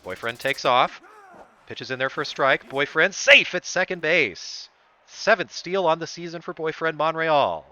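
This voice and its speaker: A man's voice: fairly high pitch, animated, a little slow, sharp tone, lo-fi sound. A man streaming a baseball video game, commentating it like a broadcaster whose voice jumps up on big plays. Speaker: streamer doing play-by-play. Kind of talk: sports-style play-by-play commentary of a video game.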